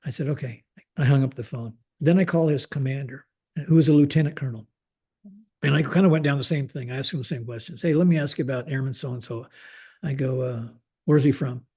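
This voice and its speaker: A man's voice: medium pitch, fairly quick, husky. An older man, a retired Air Force general, telling a story in a podcast interview and acting out the dialogue, with many fillers. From United States. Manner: animated retelling with acted-out dialogue, frequent fillers. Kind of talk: conversational storytelling.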